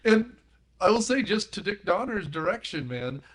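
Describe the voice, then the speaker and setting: A man's voice: high voice, sing-song, normal speed, slightly rough. A man on a movie podcast panel, animatedly retelling film scenes and giggling as he talks. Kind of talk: casual movie discussion.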